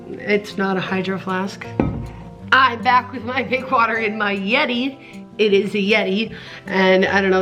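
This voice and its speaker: Earnest young woman vlogging at home. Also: medium pitch. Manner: earnest, emotional, rambling with restarts. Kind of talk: casual personal vlog.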